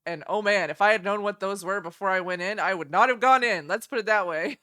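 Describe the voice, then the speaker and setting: A woman's voice: medium pitch, brisk, sharp tone. A young woman streaming, chatting casually and giggling as she reacts to game trailers. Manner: chatty, giggly, easily delighted.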